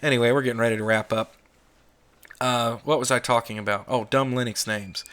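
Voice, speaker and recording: A middle-aged American man speaks in a bright, pushing voice, laying out blunt opinions in a casual solo vlog. He swears freely and talks straight to the camera. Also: medium pitch, fairly even intonation, brisk. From United States. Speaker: YouTube channel host.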